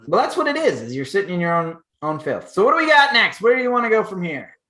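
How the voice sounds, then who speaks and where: Brief: male co-host, casual chat, bright tense voice, halting delivery, echoey room. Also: sits high. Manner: halting, restarts often, gets loud and animated when ranting. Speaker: podcast co-host.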